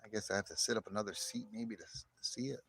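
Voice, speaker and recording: A man's voice: fairly low pitch, fairly even intonation, fast, vocal fry, fairly bright tone, breathy edge. A middle-aged man chatting casually to live viewers from outdoors on his phone, laughing often. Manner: chatty, laughs often, jokey put-on voices. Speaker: livestream host. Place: outdoors in morning sun.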